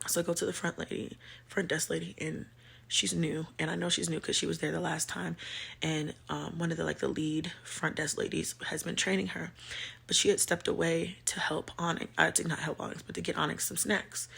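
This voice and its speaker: A woman vlogger telling a personal story to her viewers, halting with many pauses and fillers, shaken and emotional. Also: sits low, little pitch movement, vocal fry, a bit bright, slightly rough.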